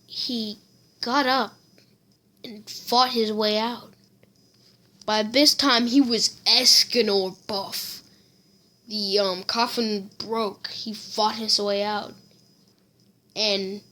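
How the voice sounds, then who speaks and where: A woman's voice: mid-range voice, fairly even intonation, drawn-out words, pauses often, bright, forceful tone. A woman casually telling a fan story, rambling with fillers and self-corrections.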